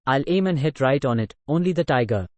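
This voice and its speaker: A man doing a bossy show-off gunman in a storybook reading, indian english accent, loud and commanding, dry close sound with no room around it. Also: mid-range voice, lively intonation, a little fast, dry recording, lightly acted. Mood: boastful. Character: boastful pushy male gunman, adult.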